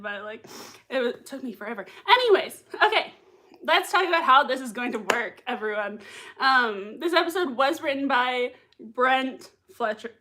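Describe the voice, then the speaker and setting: A young woman hosts a casual livestream, reacting to a TV episode with bubbly, giggly chatter and reading chat comments aloud. Her voice is fairly high and fairly bright, picked up by a desk mic while she wears earbuds.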